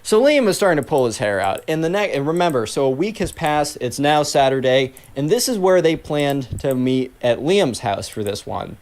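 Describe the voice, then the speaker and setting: A man's voice: on the high side, sing-song, normal speed, hardly any pauses, darkish tone. A man telling a story in a casual, rambling way, full of filler words, while he plays a game. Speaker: gaming channel host.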